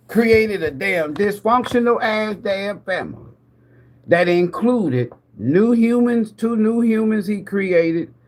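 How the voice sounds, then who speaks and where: In a voice that sits high, a man runs a live tarot stream as a profane, preacher-style rant. He questions his viewers, laughs a lot, and shifts from loud outbursts to muttered asides.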